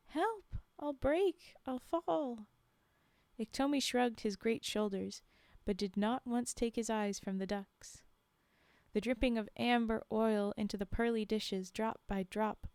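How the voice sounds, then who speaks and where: Slow-reading woman streamer, dry sound. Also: medium pitch, darkish tone, smooth, no echo. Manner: laughing asides to chat between read passages. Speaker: live stream storyteller. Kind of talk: reading folktales aloud with chat asides.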